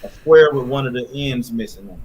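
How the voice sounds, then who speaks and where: Plain mid-pitched man telling a story. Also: a little mellow, a little hiss or hum. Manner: plain, halting with fillers. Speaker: guest. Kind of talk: casual storytelling.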